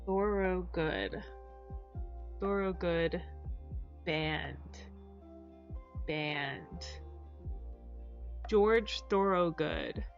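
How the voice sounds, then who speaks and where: Woman streamer chatting w her chat, reads msgs out, trips on names, kinda dull lo-fi audio w quiet music behind. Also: lowish voice, drawn-out words, pauses often. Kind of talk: casual live-stream chat.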